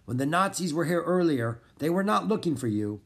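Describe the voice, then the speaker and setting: A raspy, stern middle-aged French farmer speaks in short, clipped lines, as a man reading the story puts him on. He sounds gruff and guarded, a storybook figure. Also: fairly high pitch, expressive, fairly quick, voice pushed up.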